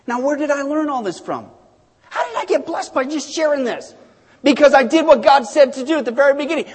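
A pastor preaching with a very high, light male voice. He is animated, bursting into shouts and then dropping to hushed asides. The sound rings with the long reverb of a large church hall. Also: a little fast, husky. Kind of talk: sermon.

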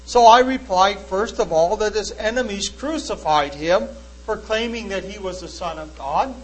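A man's voice: high-pitched, normal speed, low-quality recording. A man preaching in sermon style, earnestly recounting a debate and reading old-fashioned scripture verses aloud with emphasis.

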